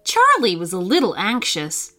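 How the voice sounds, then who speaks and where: A woman narrating a bedtime story for children, reading slowly and expressively. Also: mid-range voice, huge pitch swings, pushed and bright.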